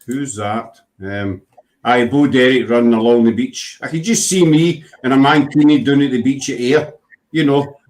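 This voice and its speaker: A man's voice: mid-range voice, moderate pace, a little mellow. A Scottish man hosting a casual chat, joking and bantering and laughing often. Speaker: host.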